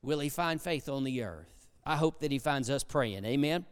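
A pastor preaching a sermon, swinging between hushed, low passages and loud, emphatic ones. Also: male voice, expressive, normal speed, clear, resonant tone. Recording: long hall reverb.

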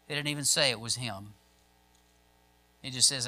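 Bright-voiced man preaching a sermon. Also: medium pitch, normal speed, pauses often. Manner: reads scripture aloud with rising intensity; addresses the congregation directly. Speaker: pastor. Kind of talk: sermon with scripture reading.

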